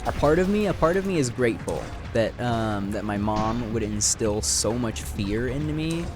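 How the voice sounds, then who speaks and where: A man's voice: medium pitch, lively intonation, normal speed. A young man talking through a reflective, rambling chat while playing a game, with many fillers and casual swearing. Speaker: gaming video creator. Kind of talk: reflective talk over gameplay. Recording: background game music.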